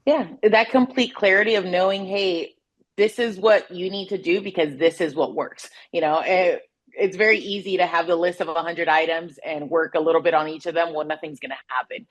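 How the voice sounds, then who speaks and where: A woman guest on a business podcast who talks candidly and in a measured way about running her company. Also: lowish voice, fairly even intonation. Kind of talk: podcast interview.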